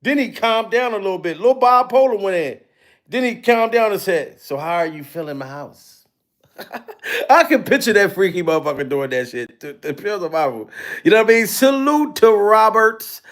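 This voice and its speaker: A man hosting a live-stream commentary show, loud and profane, laughing and mocking as he reacts to clips and reads out viewer donations. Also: sits high, sing-song, brisk. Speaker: livestream commentary host.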